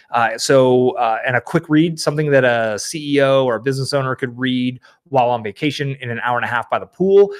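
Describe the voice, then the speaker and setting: A man hosting a live stream, reading viewer comments and answering in a rambling, animated way. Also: mid-range voice. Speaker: livestream host. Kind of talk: casual live Q&A.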